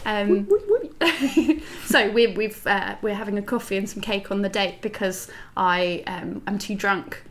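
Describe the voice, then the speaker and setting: A woman's voice: medium pitch, measured pace. A woman hosting a podcast, trading giggly, easygoing banter on a made-up date. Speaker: podcast host. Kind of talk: playful fantasy-date chat.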